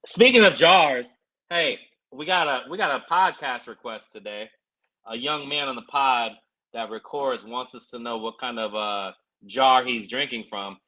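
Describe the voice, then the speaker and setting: A man's voice: medium pitch, normal speed, bright, forceful tone, poor audio. A man co-hosting a podcast, telling a personal story in an earnest, reflective way with plenty of fillers. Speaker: podcast co-host. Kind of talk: casual podcast chat.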